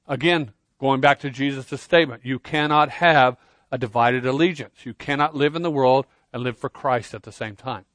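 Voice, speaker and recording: With no room sound, a pastor delivers his sermon at normal speed in a medium-pitched voice. He's sincere, veering between loud stress and quiet intensity, and tends to repeat words when starting a phrase.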